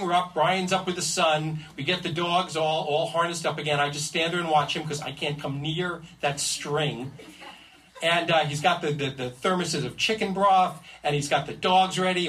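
A man telling a comic first-person adventure story in an animated, suspense-building way. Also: a little high, moderate pace, a little hiss or hum. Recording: distant mic with faint ambience.

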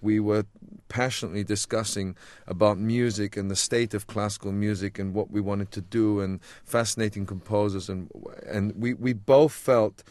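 A man's voice: lowish voice, fairly even intonation, normal speed, few pauses, a little mellow, no echo. A man, a pianist guest, explaining earnestly and with animation in a studio interview. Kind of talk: casual interview chat. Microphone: studio mic.

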